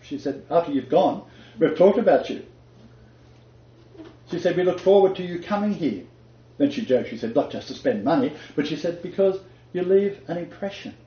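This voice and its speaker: An older man giving an emphatic, conversational faith talk, chuckling now and then and quoting scripture. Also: fairly high pitch. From Australia. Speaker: Christian teacher. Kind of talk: conversational sermon-style talk. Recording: echoey room, dull lo-fi sound.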